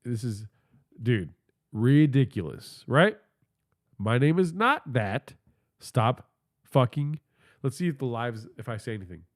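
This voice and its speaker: A man's voice: mid-range voice, expressive, unhurried, pauses often. A man hosting a podcast livestream, telling stories in a casual, profane and rambling way, talking into a phone held in his hand, with a stuffy nose. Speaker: podcast host.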